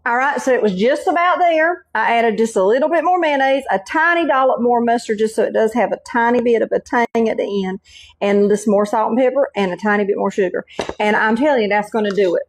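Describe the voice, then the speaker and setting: A middle-aged woman with a Carolina Southern accent talks viewers through a recipe in a chatty, folksy way. Her voice sits a bit high, and she keeps coming back to "y'all" and "okay.". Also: fairly quick, slight background noise. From North Carolina. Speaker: cooking channel host. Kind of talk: home cooking demonstration.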